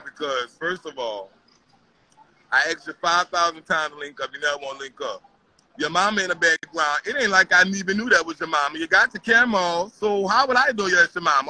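A woman's voice: on the low side, brisk, pushed and bright, rough recording. A woman delivering a heated, profane rant on a live stream, confrontational and repetitive. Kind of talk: heated social media rant.

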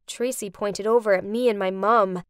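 A young woman giving dramatic scripted narration for an animated story. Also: medium pitch, moderate pace, smooth, no echo, clean studio sound.

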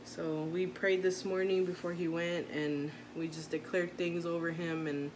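A woman's voice: fairly low pitch, level tone, unhurried. A woman in her thirties, a mother vlogging, talking in a rambling, heartfelt way with many restarts. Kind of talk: casual chat to camera. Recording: noisy background.

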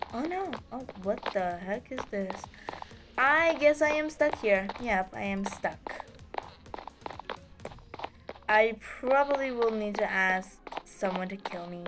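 A woman giving casual, excitable gameplay commentary as host of her gaming channel, giggling and squealing with delight. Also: mid-range voice, slow, long pauses, music in the background.

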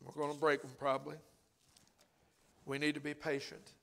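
An older preacher delivers a sermon in church, spinning a folksy story. His voice is gravelly and sits a bit high for a man, and he talks in a conversational way. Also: completely flat delivery, moderate pace, fairly bright tone.

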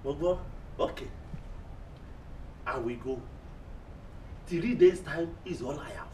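An actor playing a threatening middle-aged moneylender in a sitcom, with a Nigerian accent and a loud, sarcastic, nagging manner. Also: male voice, a little high, expressive, takes it slowly, slight background noise. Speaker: moneylender demanding repayment. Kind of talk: sitcom acting. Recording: echoey room heard from a distance.

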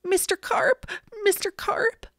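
A woman voicing an excited little boy from a storybook, high and pleading. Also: measured pace, no echo, clean studio sound, full character voice. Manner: high-pitched, pleading and frantic. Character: excited little boy, pet fish owner.

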